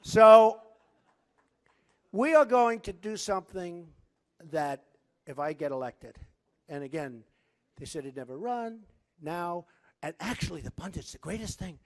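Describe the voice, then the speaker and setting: A man's voice: high-pitched, expressive, measured pace, long pauses. A man speaking at a political campaign rally, boastful and rambling, repeating himself as he riffs to the crowd. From United States. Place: large indoor rally venue.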